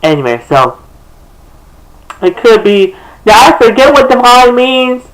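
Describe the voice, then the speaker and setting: High-voiced sassy young man. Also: big pitch swings, measured pace, a bit bright, poor audio. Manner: sassy and chatty, calls people girl, many restarts. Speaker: musician breaking down his own lyrics. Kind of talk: casual rambling commentary to camera. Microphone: camera facing him.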